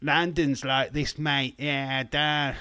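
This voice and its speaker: A man's voice: medium pitch, fairly even intonation, slow pace, pushed and bright, smooth, dry recording, pitched above the performer's own voice. A man voicing an over-the-top Cockney geezer caricature with a mock Cockney accent, brash and sing-song. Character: loud exaggerated Cockney geezer caricature, cheeky.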